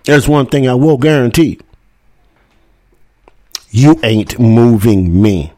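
A man's voice: medium pitch, lively intonation, slow pace, warm tone, no echo. A man hosting a political talk show, delivering a heated monologue full of profanity and rhetorical "hmm?" asides. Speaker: podcast host.

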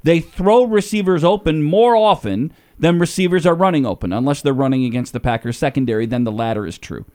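Guy hosting sports talk radio, kinda high voice, pushes his opinions hard. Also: fairly quick, few pauses, a little mellow. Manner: opinionated, emphatic.

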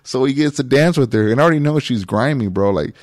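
A man spinning a rowdy story in casual, slangy talk, animated and often laughing as he plays the others' lines. His voice sits at a middle pitch, recorded close and dry with no room around it. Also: fast, no room sound. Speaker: former club DJ.

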